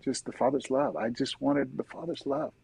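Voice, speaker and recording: A middle-aged man, a guest in an interview, earnestly telling his personal faith story in a soft-spoken, conversational way. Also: mid-range voice, little pitch movement, normal speed, vocal fry, breathy edge, poor audio.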